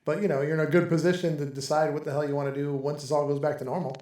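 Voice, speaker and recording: A man's voice: a little high, level tone, racing, warm tone, roomy sound. A man hosting a casual chat among friends, talking in a loose, rambling way and laughing often. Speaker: podcast host. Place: home in Texas.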